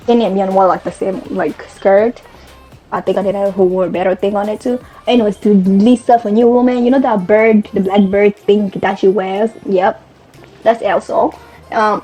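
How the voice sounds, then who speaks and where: A young woman with a warm, husky, mid-range voice chats casually as a fashion vlogger, rambling and correcting herself as she talks. Faint music plays in the background.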